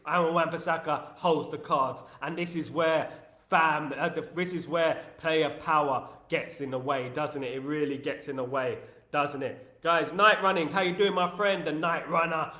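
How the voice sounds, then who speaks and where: A man hosts a casual live stream, ranting with passion and breaking off to greet viewers in the chat. His voice sits a little high. The room gives it a roomy echo. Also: bright, forceful tone. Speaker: host of a fan live stream.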